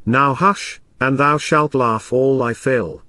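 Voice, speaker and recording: A man's voice: medium pitch, sharp tone. A man reading the part of a sly young married woman who teases impatiently. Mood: teasing. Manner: brisk, teasing, impatient.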